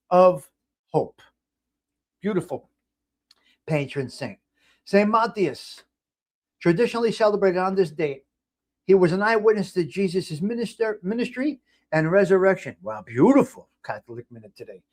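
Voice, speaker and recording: A man hosting a casual live stream, talking in a blunt, rambling way with frequent restarts. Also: high-pitched. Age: 50s. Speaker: host.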